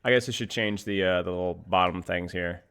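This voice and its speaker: A man's voice: deep voice, fairly quick, fairly bright tone, a little hiss or hum. A man streaming and coaching a game, chatting casually with his viewers in a loose, rambling way and often breaking into laughter. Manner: giggly, keeps breaking into laughter. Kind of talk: casual live-stream chat.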